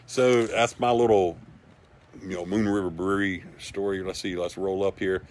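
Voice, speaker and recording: Brief: a man with a lowish voice, hosting a casual livestream, folksy and rambling. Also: fairly even intonation, moderate pace. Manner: rambling and folksy, with many asides. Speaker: livestream host for a paranormal society. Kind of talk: casual storytelling and reading viewer comments.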